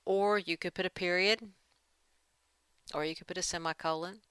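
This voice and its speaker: A woman's voice: fairly low pitch, steady tone, moderate pace, fairly bright tone, smooth, no echo. A woman giving a writing lesson, talking through edits as she works and reading draft passages aloud. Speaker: writing teacher. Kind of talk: screen-share editing lesson.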